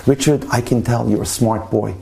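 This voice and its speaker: A man voicing a stern, unforgiving older male yeshiva dean in a told story, scolding and indignant in a warm, mellow voice. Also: medium pitch, fairly even intonation, moderate pace, gravelly, natural voice.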